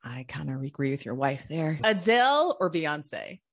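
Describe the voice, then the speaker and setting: A woman hosts a podcast in a playful, giggly way. Her pitch swings widely and her delivery stays animated as she fires questions at her guest. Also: moderate pace. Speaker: podcast host. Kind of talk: casual interview chat.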